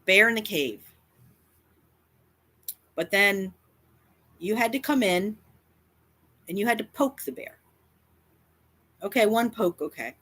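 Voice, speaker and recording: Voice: medium pitch, expressive, takes it slowly, long pauses, pushed and bright. A YouTuber speaking straight to camera in a confrontational rant, defiant and emphatic, often repeating lines for effect. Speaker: cat advocacy YouTuber.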